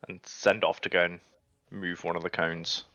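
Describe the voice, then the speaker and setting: A man's voice: sits low, level tone, normal speed, fairly bright tone, dry recording, muffled recording. A man playing a tabletop game who describes his character's actions in the third person. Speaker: player. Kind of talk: casual tabletop game chat.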